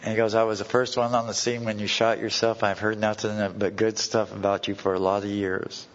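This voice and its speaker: A man's voice: on the low side, little pitch movement, a little fast. A man telling a personal story to a recovery meeting in blunt, folksy words with plain slang. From California. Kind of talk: personal story told to a live audience. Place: meeting hall. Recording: dull old tape recording with long hall reverb.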